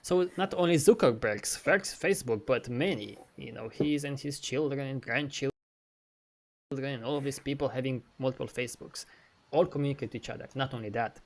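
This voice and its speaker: A man in casual chat who talks with animated swings and swears a lot, acting out dialogue as he demos software. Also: medium pitch, brisk, creaky. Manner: animated and profane, mimics dialogue, laughs. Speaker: co-host. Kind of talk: casual chat, screen-share demo.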